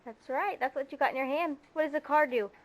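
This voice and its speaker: A woman's voice: high voice, fast. A mother talking to her toddler in a home video, coaxing him in a sing-song baby-talk way.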